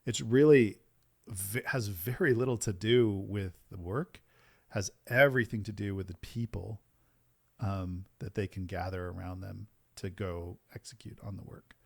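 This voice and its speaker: A man hosting a business podcast, talking in an energetic, emphatic way and often tagging his points with "right?". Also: lowish voice, measured pace, creaky, dry recording. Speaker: podcast host and business coach. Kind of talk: casual podcast conversation.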